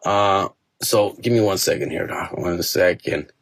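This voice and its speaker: A man's voice: low voice, a little slow, a bit bright, breathy edge, dry recording, clean studio sound. A man, a comedian and podcast host telling stories in a casual, profane, slang-heavy way, dropping Spanish words and ending lines with "dog" and "fool". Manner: drops Spanish words and phrases.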